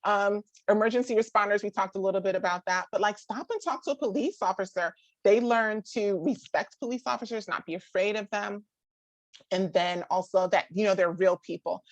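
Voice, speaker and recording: In a dry, lo-fi recording, a medium-pitched woman in her thirties talks casually about parenting to a live group. She's chatty, constantly saying "like," restarting her sentences quickly, laughing often, and acting out other people's voices.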